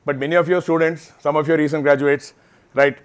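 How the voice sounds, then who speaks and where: A man's voice: fairly high pitch, little pitch movement, brisk. A man, giving an informal talk to interns at an onboarding session, explaining things patiently and often checking in with "right?". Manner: explanatory, frequent "right?" tag questions. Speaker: program lead addressing interns. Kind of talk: informal presentation with Q&A. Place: auditorium or lecture hall.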